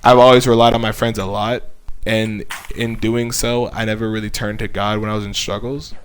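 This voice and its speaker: A man's voice: fairly low pitch, level tone, a little fast, slight background noise. A young man, a YouTuber, speaking earnestly and conversationally as he shares a personal faith testimony. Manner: earnest, heartfelt, conversational with frequent fillers. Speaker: YouTuber sharing his faith.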